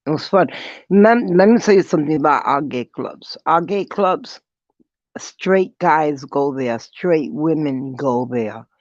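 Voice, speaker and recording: A vlogger telling a story in a casual, animated way, laughing often and swearing freely. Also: mid-range voice, dry recording. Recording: dull, slightly lo-fi dry audio.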